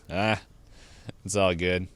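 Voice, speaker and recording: A man's voice: sits low, flat delivery, very slow, a bit bright, smooth, no room sound. A young adult man co-hosting a podcast, chatting casually, rambling and laughing often. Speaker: podcast co-host. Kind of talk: casual chat.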